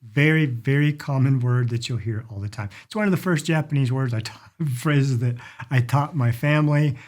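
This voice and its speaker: A man's voice: mid-range voice, moderate pace, a little mellow. A middle-aged man explaining travel phrases in a casual instructional talk, demonstrating them with stretched vowels. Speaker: language and culture teacher.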